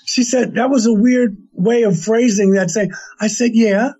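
A man recounts a story he heard, wandering back and restarting as he quotes the people in it. His voice sits high but sounds mellow and breathy. The recording is muffled and lo-fi. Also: steady tone, a little slow. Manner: rambling, with restarts and quoted dialogue. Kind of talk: casual retelling of an anecdote. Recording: dull lo-fi sound.

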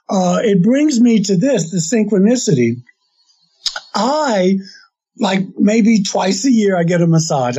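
High, husky man telling a story. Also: warm tone. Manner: rambling, with restarts and quoted dialogue. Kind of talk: casual retelling of an anecdote. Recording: dull lo-fi sound.

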